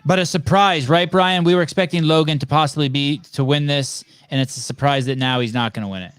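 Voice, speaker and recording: A man's voice: a little high, fairly even intonation, fairly quick, a bit bright, clear, resonant tone, dry recording. A man hosting a live stream in a loose, joking way, chatting with his co-commentator and reading out viewer comments. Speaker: podcast host. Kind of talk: casual live-stream chat.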